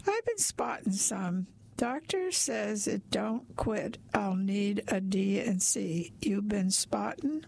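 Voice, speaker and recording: A woman's voice: mid-range voice, animated, slow pace, vocal fry, few pauses, a little mellow, dry recording, full character voice. A woman doing a protective, folksy laundromat woman. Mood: calm. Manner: soothing, folksy, motherly. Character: tall, protective laundromat woman, self-assured.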